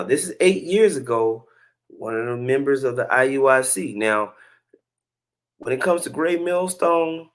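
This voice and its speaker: A man hosting a religious commentary show in a relaxed, chatty way. His voice sits in an ordinary middle range. He preaches between clips and breaks off into chuckling asides. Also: mid-range voice. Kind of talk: casual commentary on video clips.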